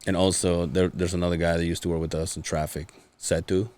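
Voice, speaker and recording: A man's voice: fairly quick, smooth. A man casually telling stories on a podcast, swearing and mimicking other people's voices. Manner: animated, mimics others with high-pitched voices, swears often. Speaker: podcast host. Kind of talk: casual storytelling chat.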